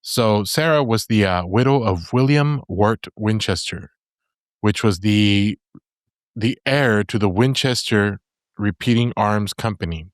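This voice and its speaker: A man's voice: fairly low pitch, a little slow, smooth, no room sound, studio quality. A man on a casual podcast, laying out a story in an easygoing, rambling way. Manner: easygoing, rambling with fillers and restarts. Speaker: podcast presenter.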